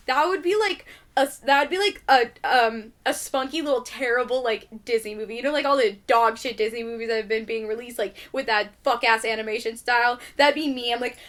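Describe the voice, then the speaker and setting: High, bright-voiced young woman ranting. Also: a little fast, few pauses. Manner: profane, animated ranting. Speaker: podcast host. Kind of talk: casual chat.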